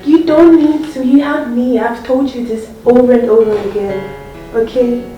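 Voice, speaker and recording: A high-voiced Ghanaian woman coaxes her partner with warm affection. She is recorded from a distance in a strongly echoing room, with music playing underneath. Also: steady tone, measured pace, muffled recording. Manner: affectionate, coaxing. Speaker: actress playing a girlfriend. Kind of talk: comedy drama acting. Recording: echoey room, mic far off, music behind.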